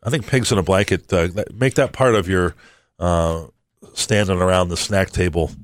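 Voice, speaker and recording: A man hosting a sports radio show in casual chat, halting with fillers and restarts. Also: deep voice, no room sound, studio quality. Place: radio studio. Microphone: studio mic.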